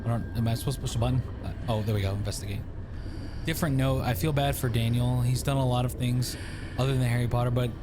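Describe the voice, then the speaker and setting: A man's voice: medium pitch, steady tone, fast, noisy background. A man streaming a game, chatting casually and rambling off on tangents with plenty of swearing. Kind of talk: casual gaming commentary.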